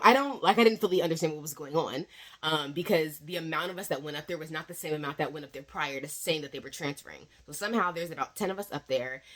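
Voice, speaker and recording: A young woman teacher telling a story in a casual vlog, chatty and animated, full of fillers. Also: low-pitched. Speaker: English teacher in Korea.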